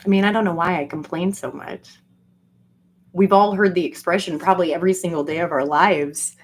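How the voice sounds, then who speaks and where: Swearing woman vlogger rambling on, jokey rant, acts out quotes, lowish voice. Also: fairly quick. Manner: profane, animated, jokey rants with frequent fillers. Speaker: solo vlogger. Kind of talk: rambling casual monologue.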